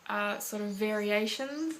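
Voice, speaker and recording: Aussie mum vlogging, chatty, rambly with lots of "like"s, slow easy pace. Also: female voice, mid-range voice, noisy background. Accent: Australian. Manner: chatty, rambling with many fillers. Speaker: parenting vlogger. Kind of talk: casual chat to camera.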